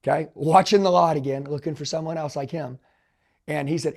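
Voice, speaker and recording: Middle-aged male sales trainer, gravelly and pitched a bit high, intense motivational delivery. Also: fairly even intonation, a little fast. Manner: intense, emphatic, swings from loud to low. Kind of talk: motivational storytelling.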